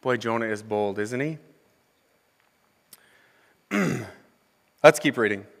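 A man's voice: medium pitch, slow pace, creaky. A young adult man, an associate minister, reading scripture and commenting with humor as he preaches, asking the congregation questions. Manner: conversational, asks the congregation questions. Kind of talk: sermon. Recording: long hall reverb.

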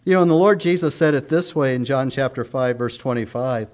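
A man's voice: medium pitch, a little fast, a little mellow. A middle-aged man preaching a sermon in an earnest, emphatic way, his voice rising and falling strongly.

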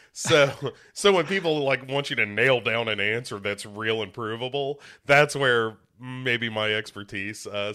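A young man with a lowish, bright voice and a forceful tone chats casually as a podcast co-host, sounding a little congested. He rambles, jokes at his own expense, and keeps restarting his sentences.

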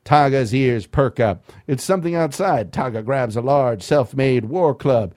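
In a dry, studio-quality recording, a man with a mid-range, slightly mellow voice reads a screenplay aloud at a measured pace. He's a podcast host doing a comedic script read-through, adding wry asides and frequently laughing at what he's reading.

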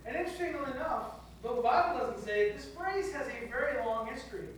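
A pastor delivering a sermon in a relaxed, storytelling manner with humor. The voice comes from a distant mic in a very echoey hall, with faint ambience behind. The pitch sits in a middle range. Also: quick pace, a little hiss or hum.

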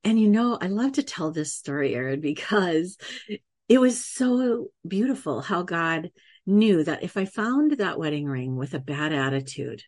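Low-voiced woman telling a story. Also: a little slow, dry recording, studio quality. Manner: animated, laughs often, acts out quoted voices; faith-based, earnest testimony. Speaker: podcast guest. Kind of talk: conversational storytelling.

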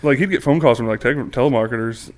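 A man's voice: mid-range voice, quick pace, a crowd in the background. A man trading loose stories in a casual chat. He laughs often, swears freely and strings his tales together with fillers. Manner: laughing, profane, loose anecdotes.

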